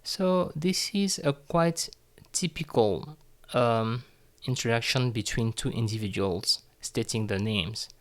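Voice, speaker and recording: A man teaching French phrases, speaking slowly and deliberately and repeating each phrase for learners. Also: mid-range voice, a bit bright. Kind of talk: slow, careful language lesson.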